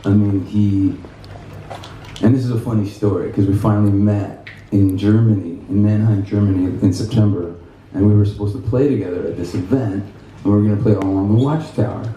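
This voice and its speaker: A man with a lowish, mellow voice tells lively anecdotes at a guitar clinic, often acting out other people's lines. He sounds set back from the mic in an echoey room, with a faint hum of room sound behind him. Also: a little fast, far from the mic. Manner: animated anecdotes with laughs and quoted voices. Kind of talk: casual storytelling to an audience. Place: music store clinic in front of an audience.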